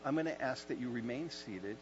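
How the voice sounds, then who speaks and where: Man preaching, soft to impassioned. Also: medium pitch, fairly quick. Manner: builds from calm teaching to loud impassioned preaching, then hushed. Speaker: pastor. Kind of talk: sermon. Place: church service. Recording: dull lo-fi sound with faint mains hum.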